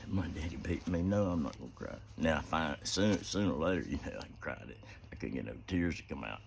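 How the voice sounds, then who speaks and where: A man with an extremely deep voice talks in a loose, rambling way, full of fillers. He is recorded outdoors, with a faint hiss of ambience behind him. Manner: rambling, heartfelt, many "you know" fillers. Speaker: vlogger. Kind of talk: casual outdoor vlog talk.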